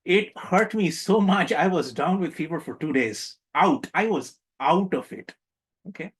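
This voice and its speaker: A man with a somewhat high voice leads an interactive spiritual workshop. He jokes with his listeners and leans hard on key words to land each point. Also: animated, unhurried, husky, poor audio. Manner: playful, joking, emphatic, engages the audience. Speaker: meditation workshop instructor.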